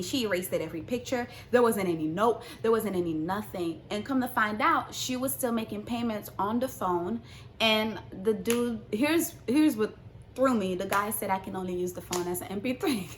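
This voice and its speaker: A young woman vlogger telling a casual storytime, acting out the quotes and swinging between hushed asides and loud outbursts. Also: mid-range voice, a little hiss or hum.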